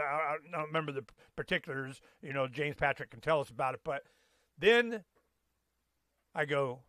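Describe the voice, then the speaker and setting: A man's voice: fairly high pitch, fairly bright tone, no echo, studio quality. A man hosting a talk show, chatting in a loose, folksy way with lots of fillers and restarts. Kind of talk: casual rambling chat.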